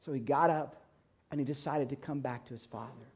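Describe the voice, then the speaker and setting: A man preaching a sermon, telling a story with emphasis and swinging from loud to hushed. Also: mid-range voice, a little fast, gravelly, breathy edge, highs cut off.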